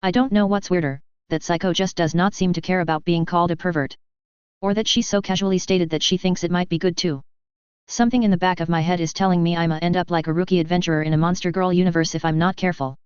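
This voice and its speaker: Smooth low-voiced woman reading a story. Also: steady tone, fast talker, darkish tone, dry recording. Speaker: story reader. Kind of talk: first-person fan fiction narration. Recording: dull lo-fi audio.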